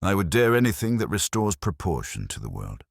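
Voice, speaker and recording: An aloof, exacting detective, read by a man speaks in a very deep, husky voice with lively rises and falls. Every word is measured and dryly formal. The sound is close and dry. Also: no room sound, full character voice. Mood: cold. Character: stout, aloof male genius detective, older. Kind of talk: audiobook character reading.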